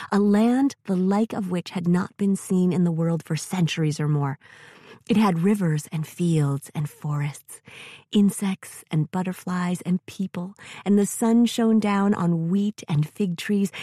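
Gentle, mellow woman reading a story. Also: on the low side, husky, dry recording, studio quality. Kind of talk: scripted story narration.

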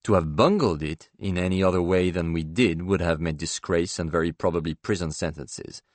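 A man narrating a novel in the first person, measured and dryly ironic. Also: sits low, dry recording. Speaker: audiobook narrator.

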